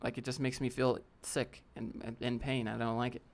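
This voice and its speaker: A man's voice: medium pitch, level tone, moderate pace, creaky. A man hosting a casual live Q&A stream, bluntly answering chat and critiquing a viewer's portfolio with slang like "fam" and "dude.". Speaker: livestream host. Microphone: desk setup with a DSLR camera.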